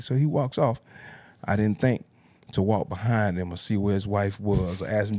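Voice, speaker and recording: A man, telling comic stories on a podcast with laughs and big pitch jumps. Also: normal speed, a little mellow. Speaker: comedian guest. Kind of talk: podcast storytelling.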